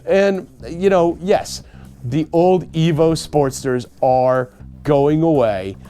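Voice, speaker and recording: A man with a high, gravelly voice rants about motorcycles to his viewers. He is sarcastic and animated, laughing often and mocking other riders. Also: takes it slowly, faint music behind. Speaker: motorcycle vlogger. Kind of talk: ranting casual vlog.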